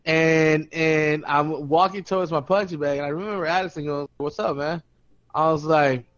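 Young man, profane storyteller, fairly high voice, dull lo-fi audio. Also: moderate pace. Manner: profane, laughing, animated retelling with quoted voices. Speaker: podcast co-host. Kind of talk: casual storytelling chat.

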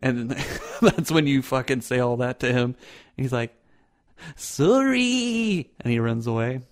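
A man running a tabletop game as game master, laughing often and filling pauses with ums as he narrates. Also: mid-range voice, flat delivery. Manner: laughing, hesitant, frequent ums.

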